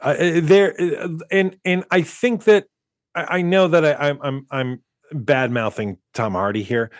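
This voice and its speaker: A man's voice: on the high side, a little slow, no room sound, studio quality. A man co-hosting a movie podcast in casual chat, rambling with many restarts and chuckles. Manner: rambling, restarts often, chuckles while talking. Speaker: podcast co-host.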